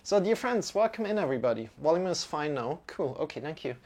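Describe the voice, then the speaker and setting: A man's voice: on the high side, very animated, a little fast, darkish tone. A man teaching a live-streamed mantra lesson, talking in a casual, chatty way with many fillers.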